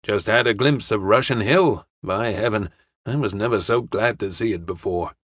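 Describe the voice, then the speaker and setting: A man voicing a weary, impatient traveler in an audiobook, talking bluntly and briskly. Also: fairly low pitch, a bit bright, slightly rough, no echo, studio quality. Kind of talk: audiobook character reading.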